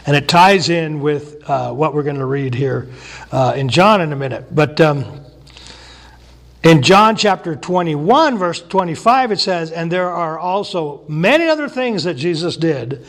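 A man preaching a sermon in a casual, folksy way, acting out the people in the Bible stories with quick voices. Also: on the high side, animated. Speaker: pastor.

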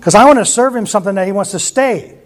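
A man's voice: high-pitched, quick pace. A man preaching a sermon through rambling anecdotes, with frequent restarts. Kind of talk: sermon storytelling.

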